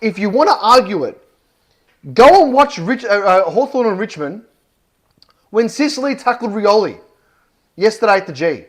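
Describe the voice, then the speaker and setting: Australian male fan vlogger, high-pitched, fired up, swears, emphatic ranting review. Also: sing-song, moderate pace, pauses often. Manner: worked up, swears often, punchy and emphatic. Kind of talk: heated match review rant.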